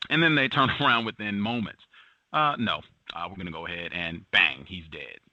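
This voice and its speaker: Deep-voiced man hosting a talk show. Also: pushed and bright, dry recording. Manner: halting, with frequent fillers and emphatic repetition. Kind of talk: commentary on the news. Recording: dull lo-fi sound.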